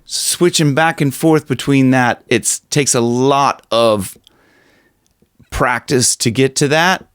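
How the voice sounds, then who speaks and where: A male vocal coach explains technique in an unhurried, rambling way, circling back on his own phrases. The sound is dry and close, with no room around it. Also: mid-range voice, fairly bright tone, no room sound. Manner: rambling, restarts, demonstrates screamed lines and breathy talk. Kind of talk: casual vocal lesson with demonstrations.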